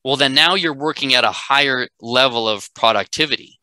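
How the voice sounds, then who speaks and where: The instructor here has a medium-pitched, bright, forceful voice and talks fairly quickly. He teaches a live class in an emphatic, conversational way, repeatedly asking "right?", on poor audio without room sound.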